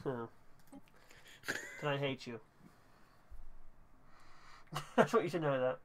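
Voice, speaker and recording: A man's voice: medium pitch, slow, a little hiss or hum. A man streaming a strategy game with friends, chatting casually and teasing them with sarcastic remarks. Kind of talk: casual gaming chat.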